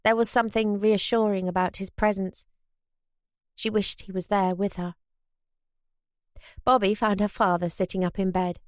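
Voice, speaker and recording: A woman audiobook narrator reads a wartime novel in scripted narration, her storytelling measured and even. Her voice is mid-range, and the studio-quality recording has no room sound.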